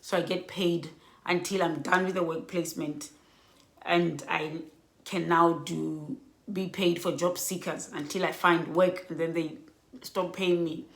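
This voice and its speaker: A woman telling an emotional storytime vlog, sounding worn out and animated by turns. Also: on the low side, a little slow, vocal fry. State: exhausted. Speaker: vlogger. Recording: echoey room.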